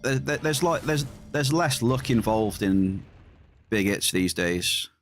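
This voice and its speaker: A man's voice: medium pitch, expressive, slow. A man with an English accent chatting casually with his live-stream viewers, reading their messages aloud and cheering at big hits. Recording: game music behind.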